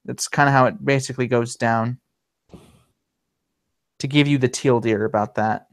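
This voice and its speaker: A man chatting casually on a livestream as the host, his voice smooth and resonant. He rambles along, full of ums and restarts, at an ordinary middle pitch. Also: fairly even intonation, moderate pace. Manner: rambling, many fillers and restarts.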